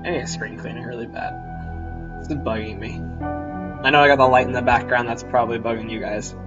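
A man giving casual, rambling, self-mocking let's-play commentary at home, with sudden loud outbursts. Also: medium pitch, steady tone, fast talker, muffled recording. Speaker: gamer. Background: game music.

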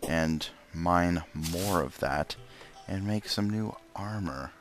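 A man's voice: sits low, slow pace. A man casually commenting on his own gameplay, muttering to himself and breaking into frustrated outbursts. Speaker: let's play gamer. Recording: gameplay with loud game music behind.

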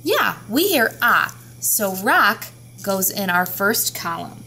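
Slow, clear-spoken woman teacher. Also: mid-range voice, very animated, pushed and bright, a little hiss or hum. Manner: slow, clear, sounding out letters. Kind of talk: phonics lesson for young children.

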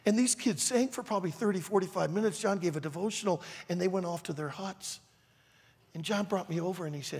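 Animated guy preaching, gravelly and raspy, big reverby church. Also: high voice, a little fast. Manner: animated, dramatic storyteller. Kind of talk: storytelling sermon. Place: large church auditorium. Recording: reverberant large hall.

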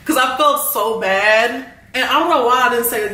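A young woman, telling an animated, rambling storytime full of slang and filler words. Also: a little high, normal speed, roomy sound, recorded from a distance, poor audio. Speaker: vlogger. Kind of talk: storytime while eating.

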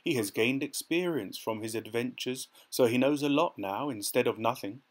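A man voicing an old male wizard, booming at first and then sheepishly explaining himself. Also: moderate pace, lightly acted. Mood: apologetic.

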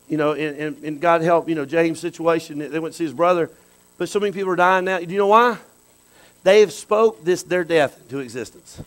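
A pastor delivers a sermon in a conversational style, slipping into quiet asides before erupting into loud exclamations. The audio quality is poor.

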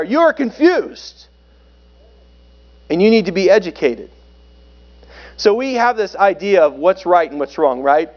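Pastor, man, high-pitched voice, casual joking sermon delivery, muffled church recording. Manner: conversational and joking, with sudden loud and soft swings.

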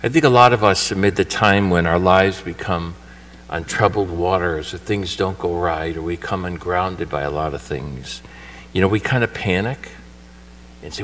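A man's voice: deep voice, normal speed, a bit bright, slight background noise. A male priest giving a homily at Mass in a church, telling the story conversationally and acting out the characters' lines with energy. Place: church shrine. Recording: voice from far off the mic.

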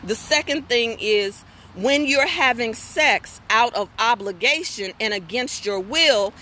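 Candid, bright-voiced woman hosting a live stream. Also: on the high side, measured pace, slight background noise. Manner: candid, folksy, animated storytelling with asides to viewers. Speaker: host of a women's talk stream. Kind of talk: casual live-stream talk, reading viewer comments.

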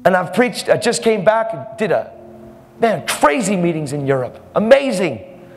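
A man's voice: high-pitched, very animated, normal speed, in a large hall. A man preaching a fervent, emphatic sermon, laughing now and then between points.

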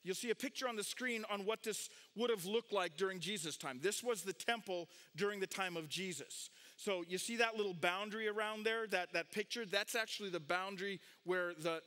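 Animated high-pitched man preaching. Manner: animated preaching, rising loud on key points, dropping low and quiet for asides. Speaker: pastor. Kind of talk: sermon.

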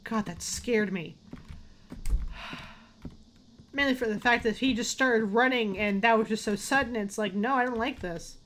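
A woman's voice: a little high, unhurried, long pauses, a bit bright, a little hiss or hum. A woman casually commentating a horror game, jumpy, swearing and talking to herself. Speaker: let's play gamer.

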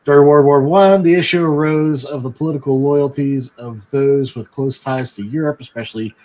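A man's voice: mid-range voice, steady tone, dark tone, low-quality recording. A man co-hosting a casual history podcast, reading from his notes with a dry manner and lots of fillers. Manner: dry, many fillers and quick yeps. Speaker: podcast co-host.

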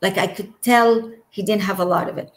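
A woman's voice: medium pitch, steady tone, brisk, echoey room, rough recording. A woman telling a personal story as an interview guest, emotional and trailing off between phrases.

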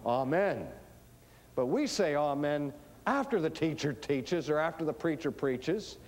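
A man delivering a teaching sermon, emphatic and dramatic, swinging between hushed lines and booming ones. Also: lively intonation, measured pace. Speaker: preacher.

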